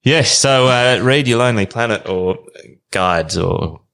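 A man with an Australian accent, telling a story as a podcast guest in a casual, animated way and swearing freely. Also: mid-range voice, a little slow, gravelly.

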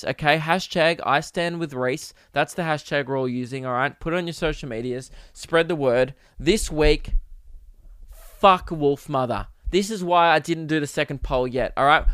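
A young man hosting a casual solo podcast, ranting with animated, profane mock outrage. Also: on the high side, clear, resonant tone, dry recording, clean studio sound. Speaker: podcast host.

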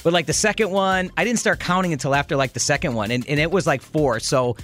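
A man hosting a call-in radio show, telling a story in a chatty, animated way. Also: fairly high pitch, fast, soft background music. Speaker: radio host.

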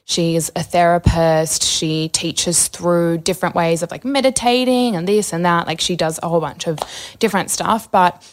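A woman's voice: lowish voice, steady tone, moderate pace, hardly any pauses. A young adult woman, a podcast guest, talking candidly in a rambling, chatty way full of fillers. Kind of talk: casual candid interview.

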